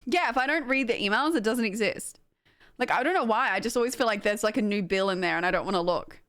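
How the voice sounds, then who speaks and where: A woman's voice: mid-range voice, quick pace, dry recording, clean studio sound. A young woman with an Australian accent chatting casually to her stream, rambling and self-mocking with lots of filler words and easy laughter. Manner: animated, full of filler likes. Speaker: game streamer.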